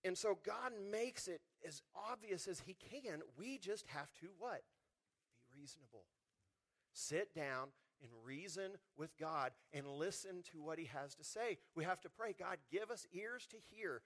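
A man preaching a sermon, lively and conversational, acting out the people in his stories. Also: fairly high pitch, measured pace. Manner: animated, acts out quotes in voices. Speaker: pastor.

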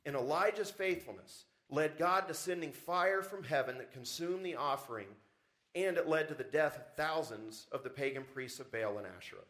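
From a church service recording comes a pastor's sermon, spoken at normal speed in a slightly bright voice on the high side. He lifts his emphasis steadily and often asks the congregation rhetorical questions.

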